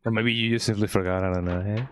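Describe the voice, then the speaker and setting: A man streams a game and talks fast in a fairly low voice with fairly even intonation, and a little hiss or hum can be heard. His chatter with viewers is casual and playful, and almost every sentence ends in a questioning "eh?".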